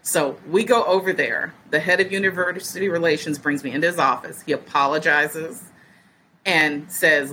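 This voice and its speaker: Woman, 40s, podcast guest; low voice, bright edge, animated storyteller. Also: moderate pace, slight background noise, low-quality recording. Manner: lively storyteller who acts out other people's words. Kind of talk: casual storytelling.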